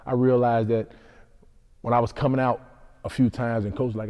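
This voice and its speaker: Rambling young man, dark and reverberant. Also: mid-range voice, steady tone, a little fast. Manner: loose, rambling, full of "you know what I'm saying". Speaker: MMA fighter. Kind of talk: casual interview answers. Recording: hall reverb.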